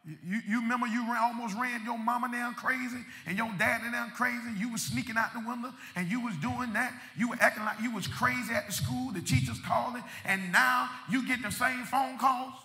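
A male pastor preaching a sermon in a church sanctuary, his impassioned delivery swelling into shouts and driving through rhythmic repetition. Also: very high-pitched, fairly even intonation, fairly quick, hardly any pauses, big-room sound.

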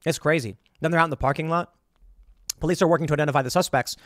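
A man's voice: a little high, fairly bright tone, no echo, clean studio sound. A man hosting a show of political commentary, ranting and incredulous. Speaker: host.

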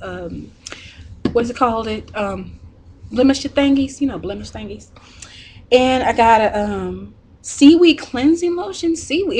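Excitable high-voiced woman vlogger. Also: slight background noise. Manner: gushing and excitable, squealing, quick to laugh. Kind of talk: excited unboxing vlog.

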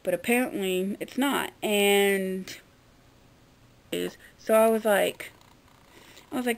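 A woman vlogging to her viewers in a casual, rambling way, blunt and quick to swear. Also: medium pitch, vocal fry. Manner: chatty, addresses viewers directly. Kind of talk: casual chat to camera.

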